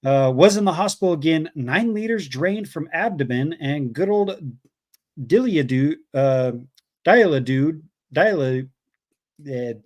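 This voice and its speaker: A man's voice: fairly high pitch, expressive, a little slow. A man co-hosting a casual livestream, reading out viewer messages with frequent fillers and chuckles. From Canada. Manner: reads donor messages aloud with fillers and laughs. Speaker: co-host reading super chats.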